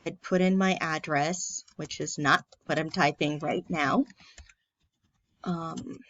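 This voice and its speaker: A woman's voice: low-pitched, fairly even intonation, slow pace, fairly bright tone, dull audio, a little hiss or hum. A woman from a church staff, talking through an online tutorial in a friendly, plain step-by-step way. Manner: friendly, plain step-by-step walkthrough with filler ums. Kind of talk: casual screen-recorded tutorial.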